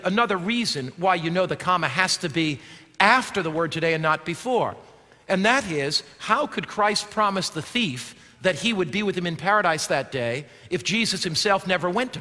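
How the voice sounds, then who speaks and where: A man preaching a sermon as pastor, swinging from emphatic shouts to low, quiet passages. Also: expressive, moderate pace, big-room sound.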